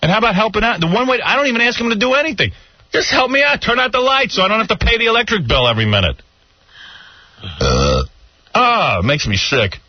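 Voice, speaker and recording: A man's voice: high-pitched, big pitch swings, fast, no room sound. A middle-aged man hosting a radio show, ranting in exasperated complaints during on-air banter. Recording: dull lo-fi radio broadcast.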